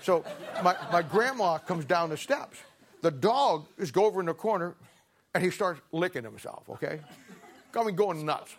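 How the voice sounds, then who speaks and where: Middle-aged preacher guy telling a folksy funny story, voice sits a bit high. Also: lively intonation, moderate pace, slight background noise. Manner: folksy, humorous storyteller who laughs through his anecdotes. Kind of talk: sermon with personal storytelling.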